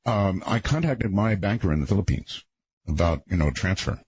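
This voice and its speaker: A radio talk show host, a man with a husky voice, talking in a rambling, conversational late-night monologue with folksy asides. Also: deep voice, lively intonation, moderate pace, darkish tone, no echo, muffled recording.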